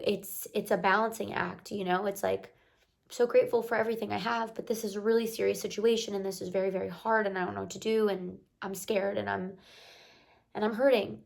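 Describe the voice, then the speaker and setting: A woman's voice: mid-range voice, gravelly, a little mellow. A young woman talking earnestly to camera, giving a heartfelt motivational pep talk with repeated encouraging phrases. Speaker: motivational vlogger.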